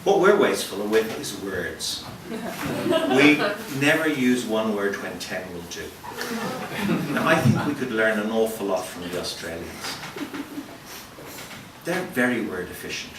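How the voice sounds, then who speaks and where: A man's voice: lowish voice, big pitch swings, a little slow, heavy reverb, recorded from a distance, noisy background. A man with an Irish accent performing a self-mocking stand-up comedy set at a live venue. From Ireland. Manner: wry, self-mocking storytelling. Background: audience laughter.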